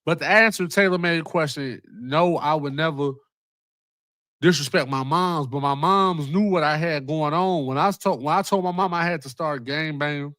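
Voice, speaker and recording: A man's voice: fairly high pitch, normal speed, fairly bright tone, dry recording. A man hosting a casual livestream, rambling in profane street slang with many restarts. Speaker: livestream host.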